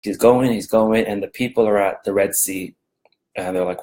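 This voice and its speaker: A man's voice: fairly low pitch, fairly even intonation, moderate pace, a little mellow, rough recording. A man giving a casual daily Bible verse talk from home, rambling and conversational, with many fillers and restarts. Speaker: devotional video host.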